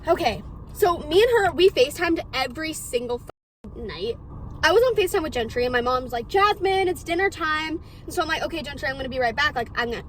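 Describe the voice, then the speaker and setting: A young woman vlogger telling a scary story in a casual, excitable way, swearing often and retelling it dramatically. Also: high-pitched, a little hiss or hum. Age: young adult.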